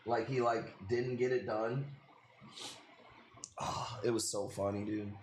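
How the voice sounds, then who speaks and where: This late-thirties livestream host takes it slowly, with a mid-range voice and fairly even intonation, as he rambles through a story. Profanity and the word "dude" come up constantly. There's a roomy quality and slight background noise.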